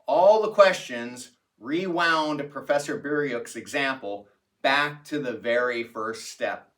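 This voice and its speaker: A man recalls a personal story in a bright, forward voice at an ordinary pitch. His telling is reflective and unhurried. The mic sits at some distance, so he sounds slightly set back. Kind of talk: personal anecdote narration.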